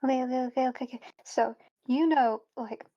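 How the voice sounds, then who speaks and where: A woman playing a tabletop game, chatting in a giggly, excitable way. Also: high-pitched, brisk, lo-fi sound. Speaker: player. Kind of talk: casual tabletop play.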